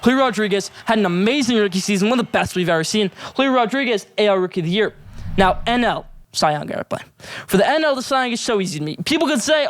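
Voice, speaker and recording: A man's voice: high voice, animated, quick pace, dry recording. A young man hosting a solo sports show, giving emphatic, opinionated hot takes and rankings. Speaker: sports podcast host.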